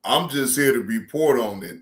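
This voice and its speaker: A man's voice: mid-range voice, animated, normal speed. A man hosting a reaction stream, commenting casually and calling his viewers family. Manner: laid-back, addresses viewers as family. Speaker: reaction show host.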